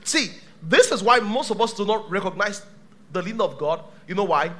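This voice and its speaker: A male pastor preaching a sermon to a live church congregation, dramatic, swinging from shouts to hushed tones. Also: sits high, animated, moderate pace.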